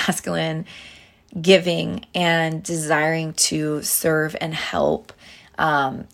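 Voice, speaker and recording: A woman's voice: on the low side, a bit bright. A young adult woman hosting a podcast, telling stories and giving dating advice to her listeners in a chatty, earnest way with many fillers and restarts. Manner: earnest, addresses listeners directly as girls. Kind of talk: casual advice monologue.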